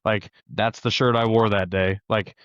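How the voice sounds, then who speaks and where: A man in his thirties with a low, smooth voice tells profane, lively stories on a casual podcast. The sound is dry and a bit dull, like a home mic. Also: moderate pace, no room sound. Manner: profane, animated storyteller. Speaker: podcast co-host.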